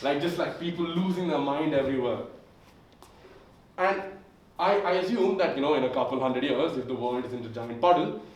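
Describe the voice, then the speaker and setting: A man's voice: fairly high pitch, normal speed. A sick young man doing stand-up comedy in a rambling, filler-heavy way. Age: young adult. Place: comedy club stage, indoors. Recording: echoey room heard from far off.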